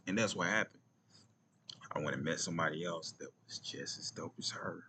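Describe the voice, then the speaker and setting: Brief: deep Atlanta man vlogging, loose slang, slips into near-whispers, noise behind him. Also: a little fast, sharp tone. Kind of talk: casual storytelling vlog.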